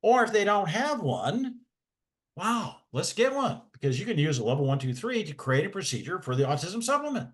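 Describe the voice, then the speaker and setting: A man's voice: high-pitched, very animated, moderate pace. A man, a special education advocate, talking in a folksy, rambling way with many restarts. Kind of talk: casual webinar talk.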